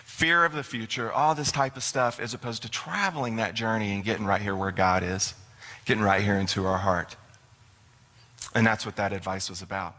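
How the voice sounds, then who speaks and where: A man's voice: on the low side, fairly even intonation, moderate pace, bright, forceful tone. A middle-aged man giving a folksy, storytelling sermon as a minister in a church. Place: church sanctuary. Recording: long hall reverb.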